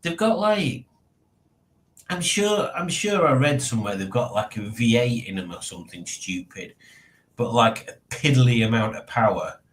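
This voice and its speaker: In an echoey room, a livestream host rambles along, chuckling to himself over the chat messages he reads aloud. His mid-range voice has lively intonation at a normal speed, with slight background noise.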